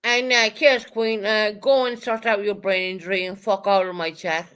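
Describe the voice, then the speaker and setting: Her voice stays mid-range with little pitch movement, moderately paced, clear and resonant with a slight brightness, yet this livestreaming woman is in a heated, profanity-heavy rant. She keeps repeating herself and calls chat viewers out by name.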